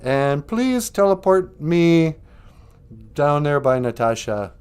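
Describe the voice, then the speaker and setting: A man's voice: on the high side, very animated, slow, a little mellow, smooth. A man hosting a podcast in playful casual chat, joking, laughing often and making beep sound effects. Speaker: podcast host.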